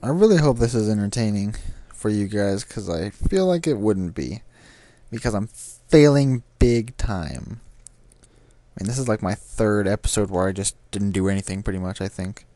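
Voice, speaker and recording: A young man with an expressive voice on the low side, mellow and free of echo, narrates his racing game at a moderate pace. He grumbles and swears at the cars in frustration, speaking to the game as music and car sounds run underneath.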